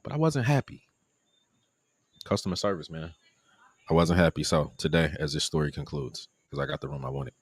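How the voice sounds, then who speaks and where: Deep-voiced man with a gravelly edge, chatty vlogger telling a story, swings his pitch a lot, dry close sound. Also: brisk, long pauses, no echo. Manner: animated, acts out quoted people in a higher voice. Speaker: vlogger live-streaming his trip. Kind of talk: casual storytelling.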